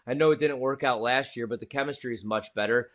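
A man's voice: medium pitch, fast, fairly bright tone. Slangy, opinionated male sports co-host. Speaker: podcast co-host. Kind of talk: sports podcast chat.

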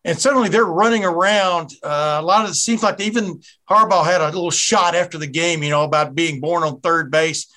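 With a fairly high pitch and a sharp tone, a middle-aged Southern US man hosts a casual podcast interview, talking fairly quickly with hardly any pauses. His style is chatty and rambling, and he often breaks off partway through a thought.

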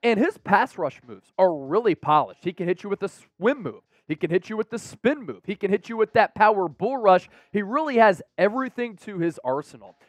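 A man hosting a football analysis show, talking with energetic hype straight to the fans. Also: high voice, brisk, hardly any pauses, no echo. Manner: energetic and hyped, addresses the fans directly. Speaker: sports show host.

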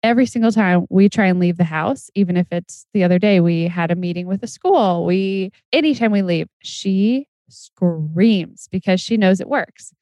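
Chatty woman sharing quick anecdotes. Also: fairly low pitch, warm tone, dry recording. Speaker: podcast co-host. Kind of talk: casual chat.

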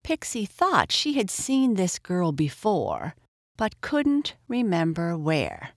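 A woman reading a children's storybook aloud in an expressive, measured way. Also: lowish voice, dry recording, studio quality.

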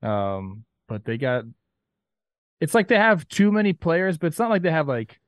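A man's voice: on the high side, very animated, moderate pace, no echo, studio quality. A man co-hosting a casual sports podcast, rambling in a laid-back way. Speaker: podcast co-host.

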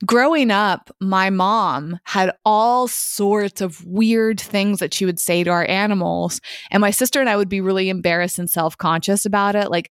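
Female podcast co-host, chatty and teasing, smooth clear voice, dry sound. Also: mid-range voice, no echo. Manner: chatty, laughs often, teasing. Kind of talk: casual podcast chat. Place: remote call.

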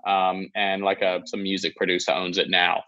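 A man's voice: deep voice, monotone, moderate pace, sharp tone, muffled recording. A man chatting as a podcast guest, telling stories in a loose, rambling way. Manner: rambling, loose storytelling with many fillers. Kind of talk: casual chat.

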